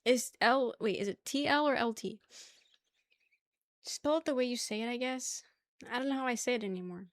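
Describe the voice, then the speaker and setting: A woman's voice: a little high, normal speed, long pauses. A young woman from New York with a New York accent, chatting casually with her stream viewers, teasing them and laughing often.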